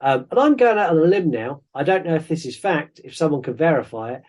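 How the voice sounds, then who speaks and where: A man's voice: on the high side, animated, fast, darkish tone. Rambling podcast co-host, man. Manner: rambling, jokey, self-interrupting. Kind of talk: casual film review chat.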